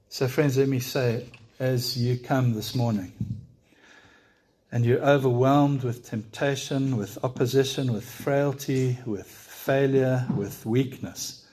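A man's voice: mid-range voice, steady tone, slow, a little mellow, husky. A man preaching a sermon in church, speaking earnestly and directly to his congregation, with frequent rhetorical questions.

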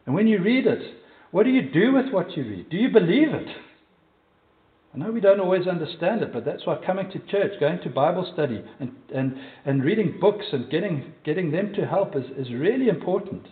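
A South African man preaches with emphasis, firing questions straight at his listeners. His fairly high voice sounds distant and thin, as if heard over a phone line. It rings out in a reverberant church. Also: expressive, a little fast. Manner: emphatic, asks the congregation direct questions. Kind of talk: sermon.

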